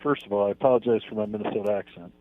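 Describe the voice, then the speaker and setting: A man in a sports radio debate, talking with deadpan mock seriousness and stammered restarts. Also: lowish voice, rapid-fire. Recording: muffled dull broadcast audio.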